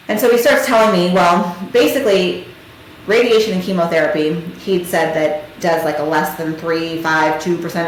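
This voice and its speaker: A woman's voice: on the low side, a little hiss or hum. A woman hosting a podcast, retelling a hard personal story in a conversational, emotional way, recounting past conversations with many fillers. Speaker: podcast host. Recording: very echoey room.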